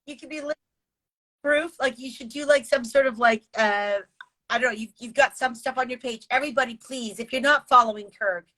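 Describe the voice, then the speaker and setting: A woman hosts a casual interview, telling stories animatedly and tripping over repeated words. Her voice is high and bright. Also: a little fast. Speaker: host.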